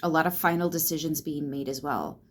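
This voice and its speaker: Low-pitched and a little fast, a woman gives a casual tarot reading. She's loose and chatty, full of fillers and free with her swearing, and she reassures the viewer by speaking directly to them.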